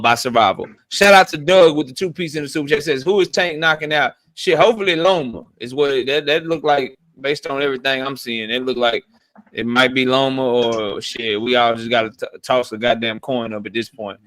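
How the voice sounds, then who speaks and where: A man's voice: medium pitch, brisk, fairly bright tone, no room sound. A man hosting a live stream debate, laid-back and profane as he moderates and reads chat. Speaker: host.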